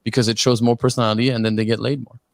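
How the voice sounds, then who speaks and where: A man's voice: medium pitch, level tone, no room sound. Man with a slight French accent. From France. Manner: halting, restarts often. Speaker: podcast co-host. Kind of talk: casual chat.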